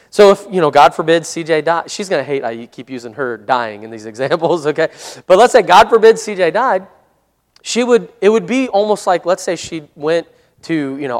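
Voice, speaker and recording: A man leading a casual Bible study as a pastor, conversational and given to chuckles and "Amen?" checks, slowing into a measured tone when reading scripture aloud. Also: on the high side, long reverb tail. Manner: conversational, chuckles often, asks "Amen?" and "right?".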